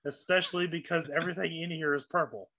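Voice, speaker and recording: High-voiced man running a tabletop game. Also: fairly even intonation, fast talker, creaky, sharp tone, husky, no room sound. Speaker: game master.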